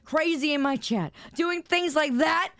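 Slightly hoarse woman teasing her chat. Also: high voice, a little slow, background noise. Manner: teasing, scolds her chat, stammers and repeats words. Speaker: streamer. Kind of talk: casual live-stream chat. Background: background music.

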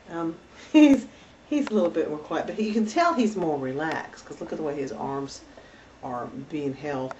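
A woman's voice: deep voice, moderate pace, a little mellow, slight background noise. A woman breeder giving a casual home video tour, talking in a chatty, doting way with many fillers. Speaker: dog breeder. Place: indoors at home with puppies. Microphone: camera held by a helper. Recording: slightly distant, dull camera audio.

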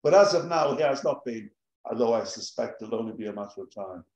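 A man's voice: mid-range voice, animated, fairly quick, a little mellow, roomy sound, rough recording. A man at an open mic reading a satirical advice letter aloud in a dry storytelling manner.

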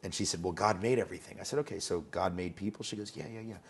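A man's voice: deep voice, fast talker, vocal fry, husky. A man being interviewed as an educator, talking conversationally and telling anecdotes, often repeating words as he starts a thought.

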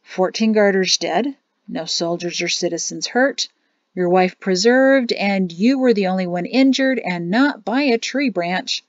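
A woman reading aloud, voicing an older male high general in a storybook with a measured, formal, sly manner. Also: dry recording, natural voice. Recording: dull lo-fi, dry closet sound.

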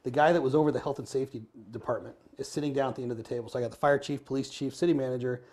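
A middle-aged man, a guest in an interview, telling stories in a lively, animated way and acting out dialogue. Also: mid-range voice, rapid-fire. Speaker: guest, former firefighter and business owner. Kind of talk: casual interview storytelling. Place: Arizona.

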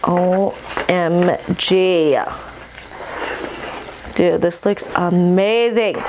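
A woman chatting casually to her viewers while she cooks, bubbly and excitable, recorded on a camera mic in a home kitchen. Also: on the low side, drawn-out words, pauses often, background noise. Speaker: mukbang vlogger. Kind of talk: casual vlog chat while cooking.

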